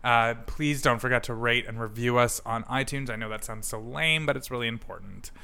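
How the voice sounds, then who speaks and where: A man's voice: mid-range voice, fairly quick, creaky, sharp tone, smooth. A man from Canada co-hosting a podcast, chatting casually and joking at his own expense. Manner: joking, self-deprecating. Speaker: podcast co-host. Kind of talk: casual chat.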